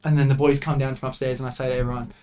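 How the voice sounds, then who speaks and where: A young man, a podcast guest telling work stories in a casual, animated way full of swearing. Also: medium pitch, racing. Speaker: podcast guest, refrigeration tradesman.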